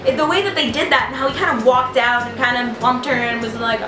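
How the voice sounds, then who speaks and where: A woman's voice: a little high, steady tone, fast, background noise. A woman giving a casual movie review, gushing and rambling with lots of "like". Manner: gushing, rambling, heavy use of "like". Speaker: film reviewer. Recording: echoey room, distant mic, music behind.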